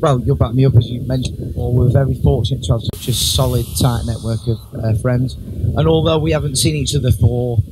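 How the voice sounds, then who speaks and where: A man giving a best man's speech at a wedding reception, joking and teasing the guests with lots of pauses and ums. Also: mid-range voice, fairly even intonation. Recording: clear background noise.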